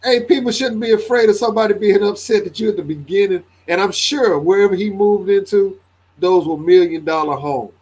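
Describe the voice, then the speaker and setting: A man's voice: sits high, brisk, a little mellow, slightly rough. A man co-hosting a podcast who needles and argues with the others in casual chat. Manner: needling, argumentative, presses the others. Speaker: podcast co-host.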